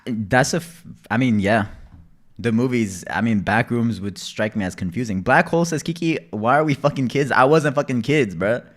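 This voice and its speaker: A young man livestreaming casually, telling stories with heavy swearing, loud outbursts and reading out chat messages. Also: mid-range voice, normal speed.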